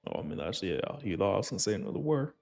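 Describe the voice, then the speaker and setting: A man's voice: sits low, sing-song, quick pace, gravelly, a little mellow. A young man casually commenting on his gameplay, rambling and joking, sometimes slipping into a put-on folksy accent. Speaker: gaming channel host.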